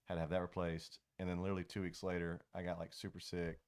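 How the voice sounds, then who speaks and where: Man, 30s, lowish voice, deadpan jokester at the game table. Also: quick pace. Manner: joking, deadpan teasing. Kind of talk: casual chat.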